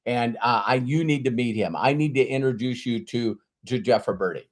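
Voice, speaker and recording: A man's voice: mid-range voice, moderate pace, lightly acted. Guy doing a blunt bragging salesman, choppy broken english, short punchy lines. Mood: boastful. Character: boastful immigrant salesman, man, blunt and upbeat.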